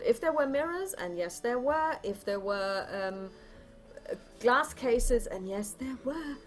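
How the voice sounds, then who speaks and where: A woman running a tabletop horror game as game master, narrating with lively drama. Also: mid-range voice.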